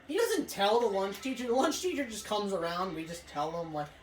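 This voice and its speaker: Excitable, profane gamer storyteller; animated delivery, roomy sound with light music under. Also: female voice, mid-range voice, fairly quick, slight background noise. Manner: swears a lot, rambling, excitable outbursts. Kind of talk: casual let's-play storytelling. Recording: echoey room, faint music.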